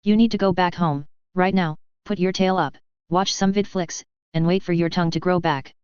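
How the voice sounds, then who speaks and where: A woman's voice: lowish voice, steady tone, normal speed, darkish tone, clear, resonant tone, no echo, lo-fi sound, close to an everyday voice. A woman voicing a blunt, exasperated male shop owner who swears and groans at his crew. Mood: annoyed.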